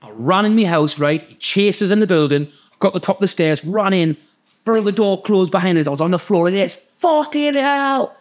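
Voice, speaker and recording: A man with a Geordie accent, hosting a podcast and telling a story in a sweary, animated way. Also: sits high, fairly quick. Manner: sweary, animated, acts out the people in his stories. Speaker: podcast host. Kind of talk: casual storytelling.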